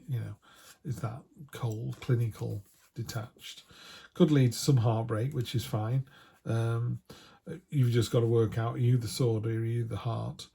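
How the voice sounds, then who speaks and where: A man's voice: medium pitch, steady tone, unhurried, creaky, dark tone, husky. A man giving a casual tarot reading, chatty and full of restarts. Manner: chatty, quotes imagined voices, frequent restarts. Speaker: tarot reader.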